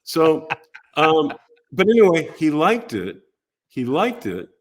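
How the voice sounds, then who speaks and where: An older man, a podcast guest, telling animated stories from his career and briefly acting out other people's voices. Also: on the high side, slow pace. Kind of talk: casual storytelling interview.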